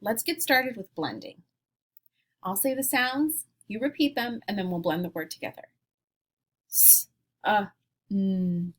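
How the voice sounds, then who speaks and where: A woman teacher leading a phonics lesson, sounding out each sound slowly and clearly. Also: medium pitch, very animated. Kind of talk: phonics lesson, slow and deliberate.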